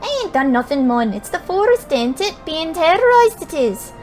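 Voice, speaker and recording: A woman voicing an excitable, complaining male forest fairy in a game, with a put-on Scottish accent. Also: very high voice, normal speed, faint music behind, voice pushed up. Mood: worked up.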